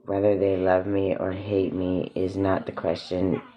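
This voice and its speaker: A man with an extremely deep voice speaks slowly and earnestly in a spiritual reflection, circling back to repeat his words. The recording is muffled and lo-fi, made at home. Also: monotone, a little hiss or hum. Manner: earnest, emotional, repeats phrases for emphasis. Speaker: parent and vlogger. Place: home with children nearby. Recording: dull lo-fi recording.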